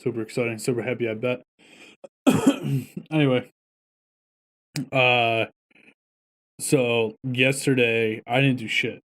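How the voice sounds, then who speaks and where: A man's voice: mid-range voice, steady tone, slow pace, pauses often, fairly bright tone. Chill podcast cohost guy, mid voice, real offhand and easygoing. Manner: laid-back, offhand. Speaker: podcast co-host. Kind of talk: casual chat.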